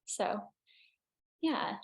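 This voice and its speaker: A young adult woman, an actor being interviewed, answering casually and hesitantly with many restarts and fillers. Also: extremely slow. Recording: roomy echo.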